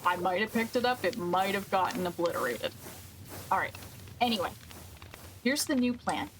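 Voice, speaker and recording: A woman's voice: medium pitch, expressive, moderate pace, faint music behind. A woman streaming a game, thinking aloud and questioning herself as she works through a problem. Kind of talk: casual gameplay commentary.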